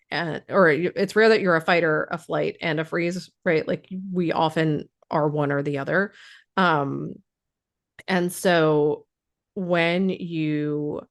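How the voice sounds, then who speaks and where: A woman who is losing her voice explains trauma responses in casual talk, thoughtful, with many fillers and restarts. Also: sits low.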